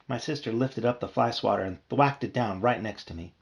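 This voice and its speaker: A man reads a children's scary story aloud with lively, expressive narration. His voice has a rough, gravelly texture at a middle pitch. Steady and engaged as the tale unfolds. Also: a little fast, lo-fi sound. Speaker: reader. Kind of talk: reading a children's horror book aloud.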